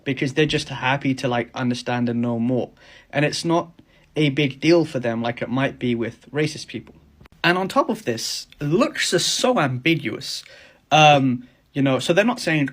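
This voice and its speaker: A man's voice: mid-range voice, lively intonation, moderate pace. A man, commenting on a video in a chatty, rambling way. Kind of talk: reaction commentary.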